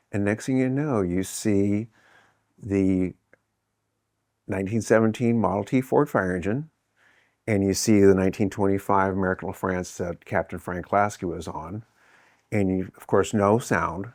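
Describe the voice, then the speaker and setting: Low-voiced man telling a family story. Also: no echo, clean studio sound. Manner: rambling, animated retelling with quoted dialogue. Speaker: interviewee. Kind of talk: casual storytelling.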